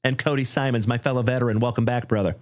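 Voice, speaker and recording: A man hosting a livestream trading card break, thanking viewers effusively and calling out cards with excitement. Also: mid-range voice, fast. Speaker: live card break host.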